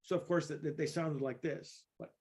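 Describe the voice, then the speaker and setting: Man from East Los Angeles, fairly high voice, casual interview guest, rambling stories, chuckles. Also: moderate pace, a little mellow, a little hiss or hum. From East Los Angeles, California. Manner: rambling anecdotes with many fillers and restarts, laughing while telling stories. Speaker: guest musician, percussionist.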